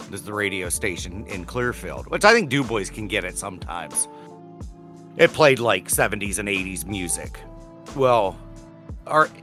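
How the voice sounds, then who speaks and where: A man, co-hosting a casual podcast chat and telling stories that act out the quotes. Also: fairly low pitch. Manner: animated storyteller, acts out quotes loudly. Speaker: podcast co-host.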